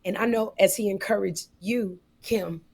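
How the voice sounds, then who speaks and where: Animated woman telling a funny story. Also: medium pitch, moderate pace, vocal fry, husky. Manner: animated, rising loud on punchlines. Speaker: podcast co-host. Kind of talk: casual comedic storytelling.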